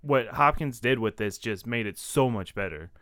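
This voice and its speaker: A man co-hosting a movie podcast, speaking in a relaxed, hesitant way with many fillers. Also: mid-range voice, moderate pace, no echo, clean studio sound. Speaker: podcast co-host. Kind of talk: casual movie review chat.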